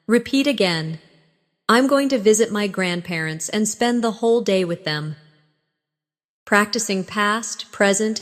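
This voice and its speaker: A woman narrating a scripted English lesson, speaking slowly and clearly and modelling phrases for listeners to repeat. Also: medium pitch, big-room sound. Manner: slow, clear, instructive delivery with model phrases. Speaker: English teacher.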